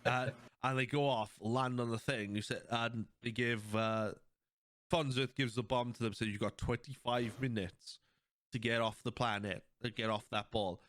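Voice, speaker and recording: This male podcast host has a medium-pitched, fairly bright voice, a steady tone and normal speed, recorded at studio quality with no echo. Chatting casually to recap episodes, he brings scenes to life, laughs a lot and performs the quoted lines.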